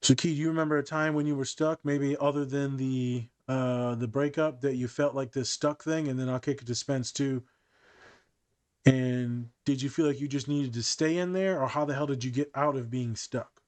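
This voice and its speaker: Animated male podcast host, dry sound. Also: mid-range voice, moderate pace, dry recording. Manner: animated storyteller who acts out quoted dialogue. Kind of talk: casual podcast chat.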